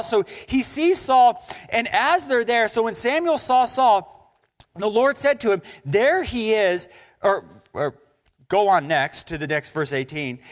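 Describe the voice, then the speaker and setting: Lively high-voiced male pastor preaching. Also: long reverb tail. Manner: animated, acting out biblical characters in casual voices. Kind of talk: sermon. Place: church sanctuary.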